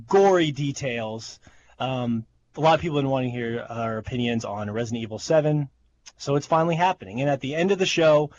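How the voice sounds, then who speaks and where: A man's voice: a little high, lo-fi sound. A man hosting a gaming podcast, chatting in an upbeat casual way with fillers. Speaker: podcast host.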